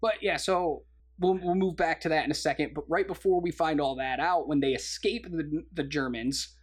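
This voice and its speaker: A man's voice: on the high side, moderate pace, slightly rough. A man co-hosting a casual movie review chat, eager and laughing often as he acts out lines from the film. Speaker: podcast co-host.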